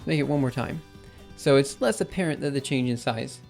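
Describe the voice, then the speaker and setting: A man's voice: medium pitch, brisk, vocal fry, darkish tone, soft background music. A young man streaming his programming session, thinking aloud with lots of fillers and self-corrections, his voice a bit worn. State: losing his voice. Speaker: livestreaming programmer. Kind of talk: casual live coding commentary.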